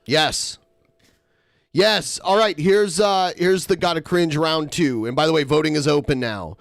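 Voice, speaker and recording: A man's voice: fairly high pitch, creaky, dry recording, studio quality. A man hosting a casual podcast, introducing clips and making announcements. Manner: runs the segments, quick announcements. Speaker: podcast host.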